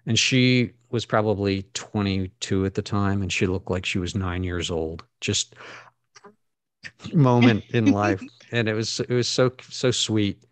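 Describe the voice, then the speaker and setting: A middle-aged man with a fairly low voice tells personal stories in an earnest, meandering way, full of asides. The sound is dry and close, with no room around it. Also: unhurried, no room sound. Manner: earnest, storytelling, rambling asides. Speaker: guest. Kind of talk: casual conversation.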